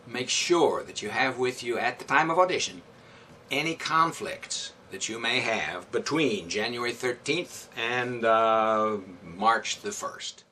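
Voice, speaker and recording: A man's voice: mid-range voice, expressive, slow, pushed and bright, recorded from a distance, a little hiss or hum. A man directing community theatre, answering interview questions thoughtfully with many fillers and restarts.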